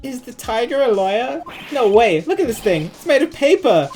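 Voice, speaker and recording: A woman doing a bubbly excitable teen girl. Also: on the high side, normal speed, voice pushed up. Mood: excited. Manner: bubbly, eager exclamations. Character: excitable teenage girl sidekick. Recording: game music underneath.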